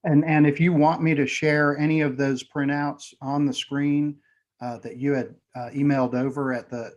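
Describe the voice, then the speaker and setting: A man's voice: fairly high pitch, little pitch movement, normal speed, highs cut off. A man organizing a meeting, chiming in with brief, helpful remarks.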